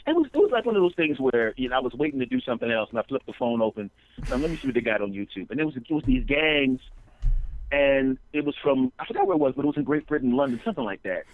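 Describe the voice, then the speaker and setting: A man guesting on a comedy podcast who tells excitable stories, trips over restarts, and slips into voices. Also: medium pitch, fast, narrow, tinny audio. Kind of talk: animated storytelling on a comedy podcast.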